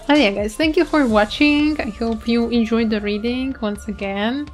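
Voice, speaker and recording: Young woman streamer, relaxed chatty narrator, slightly high pitch, faint music bed. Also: normal speed, hardly any pauses. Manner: chatty, loose, with small restarts. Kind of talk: reading a game story aloud, then casual chat.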